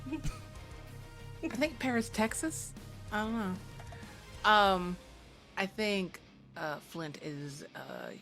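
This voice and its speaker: Slow low-voiced woman player. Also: a bit bright. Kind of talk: tabletop game play.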